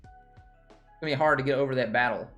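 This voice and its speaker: Through dull audio with faint music, a medium-pitched, fairly bright male voice with a Southern accent moves at a fairly quick pace. He's hosting a casual livestream about stocks, rambling, repeating himself, and talking with viewers.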